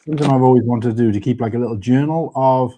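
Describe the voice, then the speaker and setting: A man's voice: mid-range voice, fast talker, warm tone. A man from Wales hosts a live chat stream in a mid-range voice. He rambles cheerfully from one story to the next and laughs easily. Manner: rambling, chatty, laughs often. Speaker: stream host. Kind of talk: casual chat.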